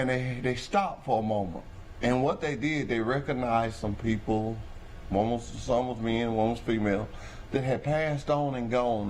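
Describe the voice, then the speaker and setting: A man with a hoarse voice, hosting a local trucking company show in a folksy, rambling manner. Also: medium pitch, a little hiss or hum. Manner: folksy, rambling, preacher-like address to the audience. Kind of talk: casual talk show monologue.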